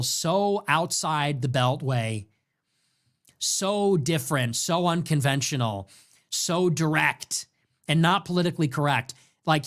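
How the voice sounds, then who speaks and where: A young man hosting a political show, delivering a heated monologue full of repeated rhetorical questions. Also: a little high. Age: young adult. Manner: ranting, repetitive rhetorical questions.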